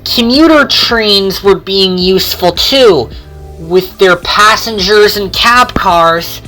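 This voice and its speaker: A woman narrating a homemade train story in an unhurried, sing-song storytelling manner. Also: mid-range voice, sharp tone, soft background music.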